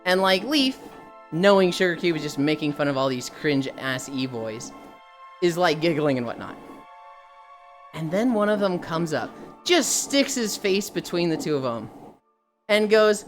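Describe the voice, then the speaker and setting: A woman's voice: lowish voice, big pitch swings, a little slow, faint music behind. A young woman streamer chatting casually with her viewers, telling stories animatedly and slipping into mocking impressions. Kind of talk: casual chat with chat readers.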